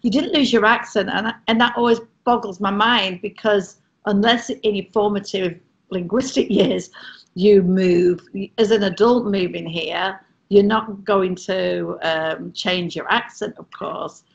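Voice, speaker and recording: A woman's voice: medium pitch, steady tone, a little slow, creaky, lo-fi sound. A middle-aged English woman, a former cruise ship entertainer, telling chatty, self-mocking stories on a video call. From England. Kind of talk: casual storytelling on a video call.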